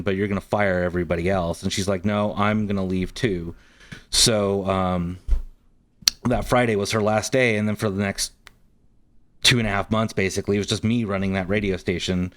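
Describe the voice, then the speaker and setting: A man guest on a podcast, telling a story casually with many ums and likes. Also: lowish voice. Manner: rambling, frequent ums and likes.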